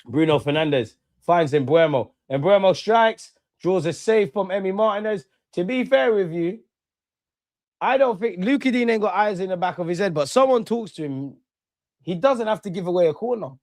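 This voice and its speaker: A man's voice: high-pitched, animated, moderate pace, no room sound. A young man, chatting slangily and sounding bored through live football commentary. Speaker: football watchalong streamer. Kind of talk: casual live match commentary.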